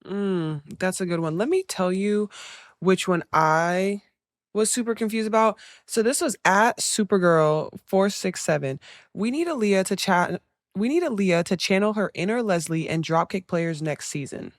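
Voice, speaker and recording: A woman's voice: medium pitch, expressive, normal speed, dry recording. A young woman in her twenties co-hosts a podcast with an upbeat, teasing energy, hyping up listeners and joking with her partner. Her mid-range voice sits close and dry on the mic. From United States. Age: 20s. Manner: teasing, upbeat, playfully hyped. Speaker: podcast co-host. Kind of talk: casual podcast chat.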